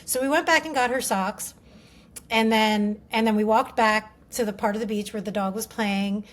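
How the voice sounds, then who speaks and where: A woman's voice: mid-range voice, fairly even intonation, moderate pace. A woman speaking as a parenting-coach guest on a podcast, earnest and reflective, telling stories with many filler words. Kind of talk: casual interview chat.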